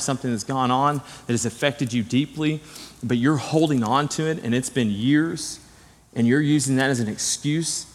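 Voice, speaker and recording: Middle-aged male pastor, earnest conversational sermon, mid-pitched voice, long reverb of a church hall. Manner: earnest, direct, tells personal stories. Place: church sanctuary.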